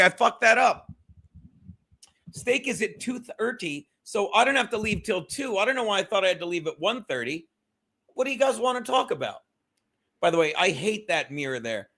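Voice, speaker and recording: A man's voice: high-pitched, pushed and bright. A man hosting a casual solo livestream from his home, rambling loosely with plenty of swearing and talking straight to his viewers. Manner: loose, profane, rambling, talks to chat. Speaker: livestream host. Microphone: streaming setup.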